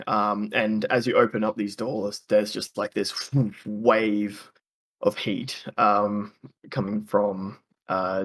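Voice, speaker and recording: A man's voice: fairly low pitch, fairly bright tone. A man narrating a tabletop game as the game master, hesitant and full of fillers. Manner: hesitant, full of ums and likes.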